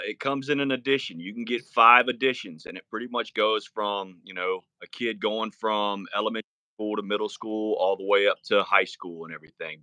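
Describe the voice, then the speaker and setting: A man's voice: fairly low pitch, sharp tone, dry recording. A man, co-hosting a casual podcast in a laid-back, earnest way. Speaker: podcast co-host. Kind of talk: casual chat.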